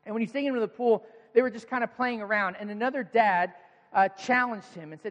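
A man with a notably high voice preaches a sermon, rousing and playful as he pushes his listeners to answer back. His words ring out with a long reverb, like a big church hall. The delivery is energetic and coaxing. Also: fast, dull audio. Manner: energetic, coaxes the congregation into call-and-response. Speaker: pastor.

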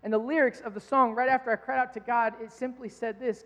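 Speaking quickly with few pauses, a male pastor with a very high, steady voice recounts a personal story in his sermon, earnest and restarting often. The sound is dull, with a hall's long reverb.

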